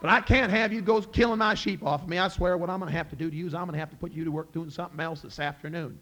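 A man voicing a quick-tempered older king who sputters in high-pitched outbursts in a folk tale. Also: fairly even intonation, fairly bright tone. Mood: huffy.

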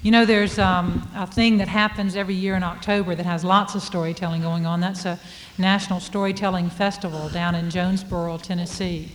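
A woman's voice: fairly low pitch, steady tone, brisk, hardly any pauses. A woman hosting, chatting casually and a little hesitantly between stories. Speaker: host. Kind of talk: casual announcing. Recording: long hall reverb, faint ambience.

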